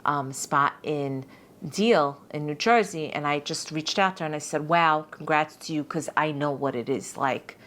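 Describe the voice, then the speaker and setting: A woman's voice: deep voice, moderate pace. A middle-aged woman, a judge, telling stories in a casual interview, often repeating words and acting out what people said. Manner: lively, repeats words, acts out quotes. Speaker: judge and podcast guest.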